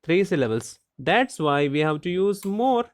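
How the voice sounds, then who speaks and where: A teacher explaining a grammar lesson slowly and deliberately, asking rhetorical questions and spelling out letters. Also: mid-range voice, sing-song, no echo.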